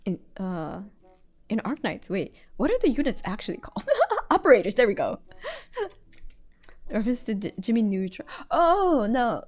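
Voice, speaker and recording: Giggly high-voiced young American woman. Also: big pitch swings, unhurried, pauses often, a little mellow, faint music behind. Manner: giggly, rambling, lots of fillers. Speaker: streamer drawing on stream. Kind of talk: casual live-stream chat.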